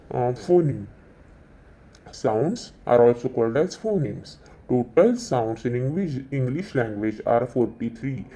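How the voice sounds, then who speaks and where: A man giving a slow exam-revision lesson, repeating each definition several times. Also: mid-range voice, warm tone. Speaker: teacher.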